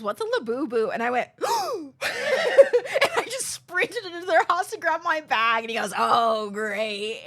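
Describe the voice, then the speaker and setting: A young woman streams and chats casually with her viewers. Her voice sits high and moves all over the place as she tells the story. She laughs a lot and acts out what other people said in quick bursts. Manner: animated, laughs often, quotes others in bursts.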